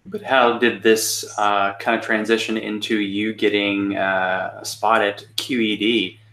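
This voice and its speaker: A man's voice: fairly low pitch, little pitch movement, unhurried, fairly bright tone. A man hosting a podcast interview, chatting in a musing, hesitant way. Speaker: podcast host. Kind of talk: casual interview chat. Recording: roomy echo.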